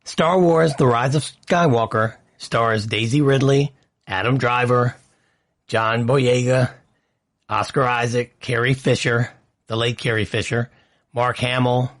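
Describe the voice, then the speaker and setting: A man's voice: medium pitch, steady tone, unhurried. A man hosting a podcast, chatting and ranting in a casual, opinionated way. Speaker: podcast host.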